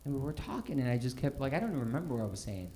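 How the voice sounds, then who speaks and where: Male stand-up comic, mid-pitched, self-mocking, acts out the lines, noisy live recording. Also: very animated, rapid-fire, warm tone. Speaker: stand-up comedian. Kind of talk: stand-up storytelling.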